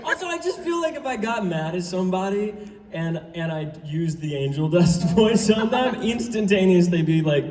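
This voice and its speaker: A man's voice: high-pitched, unhurried, noisy background. A man, a voice actor, answering questions on a convention panel, laughing often and talking earnestly, recorded from the audience on a phone. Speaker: voice actor guest. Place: large convention hall. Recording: echoey hall, far off.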